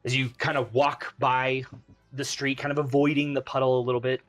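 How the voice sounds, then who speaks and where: A man's voice: mid-range voice, level tone, soft background music. Man narrating as dungeon master. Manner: descriptive, unhurried scene-setting. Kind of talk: narrating a tabletop game.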